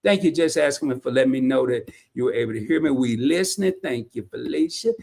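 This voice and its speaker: A man hosting a casual livestream, reading viewer comments in a folksy, slangy, animated way. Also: medium pitch, fast, creaky. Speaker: livestream host.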